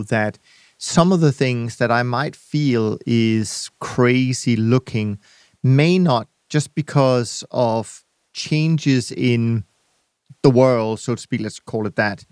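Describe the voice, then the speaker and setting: A man's voice: medium pitch, slow pace, smooth, no echo. Reflective male podcast host, dry sound. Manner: reflective, hedging, searching for words. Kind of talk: conversational interview.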